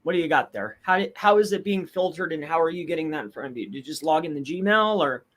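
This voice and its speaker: A man's voice: fairly high pitch, animated, fast talker, fairly bright tone. A man co-hosting a casual question-and-answer session, hesitant and searching for words as he piles up questions. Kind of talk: casual livestream Q&A.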